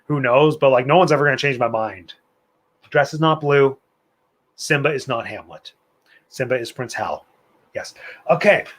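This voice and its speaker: A man's voice: medium pitch, normal speed, long pauses, fairly bright tone. A man hosting a live online trivia night, reading out questions and answers in a chatty, playful way with opinionated asides. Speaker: trivia host.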